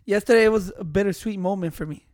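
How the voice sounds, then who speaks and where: High-voiced man, blunt and profane, casual co-host. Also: fast, darkish tone. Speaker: podcast co-host. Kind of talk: casual chat.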